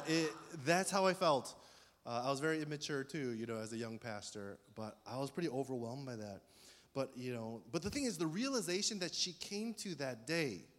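A middle-aged man preaching a sermon as pastor, conversational and storytelling with animated emphasis. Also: a little high. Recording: long hall reverb.

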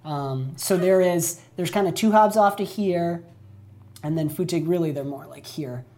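A woman's voice: lowish voice, moderate pace, dark tone. A woman narrating as game master of a tabletop game, chatty and laughing often, with many fillers.

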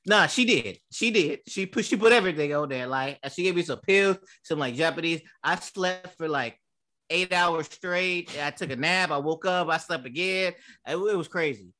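A man's voice: fairly high pitch, normal speed, bright, forceful tone. A man in his thirties co-hosting a podcast, telling stories in a loose, profane way with lots of fillers. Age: 30s. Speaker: podcast co-host. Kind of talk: casual chat.

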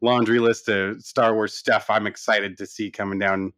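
A man's voice: lowish voice, flat delivery, normal speed, a bit bright, no echo. A man co-hosting a podcast in easygoing, upbeat casual chat, laughing often. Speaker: podcast co-host.

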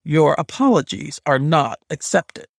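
A man's voice: a little high, lively intonation, measured pace, creaky, dry recording, heavily acted. A man voicing a stern, commanding goddess who is the heroine's grandmother, speaking in a hard tone. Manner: hard, demanding tone.

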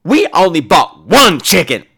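A man putting on a huffy shrill woman shopper. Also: very animated, unhurried, gravelly, fairly bright tone, husky, full character voice. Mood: outraged. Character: indignant middle-aged woman shopper, huffy.

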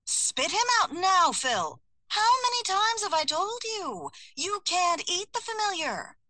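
A woman's voice: sits high, sing-song, a little slow, pushed and bright, no echo, voice pushed up, full character voice. A woman voicing an exasperated, sarcastic heroine who is wrangling her magical pets, in an audiobook. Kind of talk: audiobook character voice.

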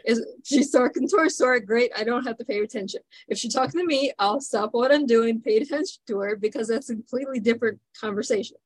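This is a woman hosting a podcast interview, with a voice a little higher than average. She talks in a chatty way and backs up her guest with quick agreeing replies. The recording is dry and close, with no room sound. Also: no echo, low-quality recording. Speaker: podcast host. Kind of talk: casual interview chat.

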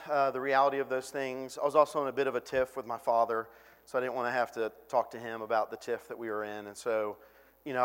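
A man preaching a sermon as a pastor, conversational and animated, acting out voices when he quotes people. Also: medium pitch, smooth, big-room sound.

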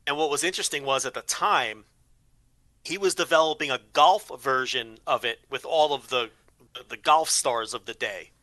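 A man's voice: mid-range voice, moderate pace, sharp tone, dry recording. A man on a podcast, chatting casually and rambling, repeating words as he thinks. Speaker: podcast co-host. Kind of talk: casual chat.

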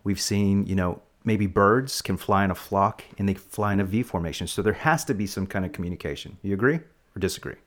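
A man's voice: low-pitched, a little fast. A man hosting a casual podcast, rambling playfully and explaining facts to kids. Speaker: podcast host.

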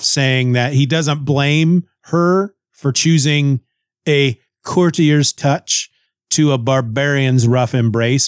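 A man's voice: medium pitch, dry recording, clean studio sound. A man recapping a comic book in casual, wry talk, often stumbling over and repeating words.

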